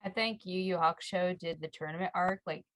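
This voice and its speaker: A woman's voice: lowish voice, steady tone, a little fast, a bit bright. A woman in a casual chat, giggly and playful, joking about characters. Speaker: podcast guest.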